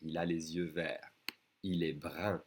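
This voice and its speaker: A man's voice: deep voice, little pitch movement, a little slow, slight background noise. A man with a French accent, a native speaker teaching a beginners' language lesson online, patiently repeating each phrase.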